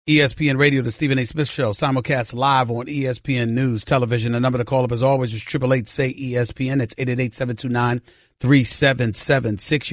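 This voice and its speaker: A man holds forth on sports talk radio, pressing every point with insistent repetition. His voice is hoarse and worn after a throat procedure. The studio sound is dry and close. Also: medium pitch, no room sound. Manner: emphatic, opinionated, repetitive for stress.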